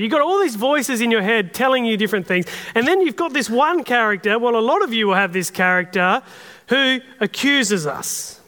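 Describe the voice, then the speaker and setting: Brief: Australian male pastor, earnest and conversational, high voice, long hall reverb. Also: expressive, normal speed, pushed and bright. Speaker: preacher. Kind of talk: sermon.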